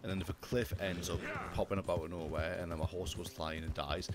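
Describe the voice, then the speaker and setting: A man's voice: low-pitched, brisk, very noisy. A young man streaming a game, joking and easily startled. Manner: excitable, jokey, easily startled. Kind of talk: gaming livestream commentary. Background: game music.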